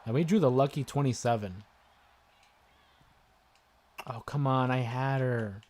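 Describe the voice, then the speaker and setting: A man hosting a live stream, chatting casually and getting excited as he comments on a wrestling video game. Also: mid-range voice, unhurried. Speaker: gaming livestream host. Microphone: desk microphone with headphones listeners.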